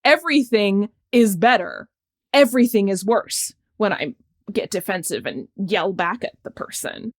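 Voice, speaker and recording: A woman's voice: mid-range voice, a little slow. Reflective woman doctor telling stories. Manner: reflective, animated storytelling with laughs. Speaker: podcast guest, sports medicine physician. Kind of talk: casual conversation.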